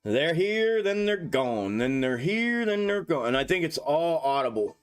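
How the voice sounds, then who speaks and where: Excitable cursing man on a trading livestream. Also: a little high, a little slow, few pauses, clean tone, faint music behind. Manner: profane, excitable, talks to viewers as "y'all". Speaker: stock market livestream host. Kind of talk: casual livestream commentary. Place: home desk setup.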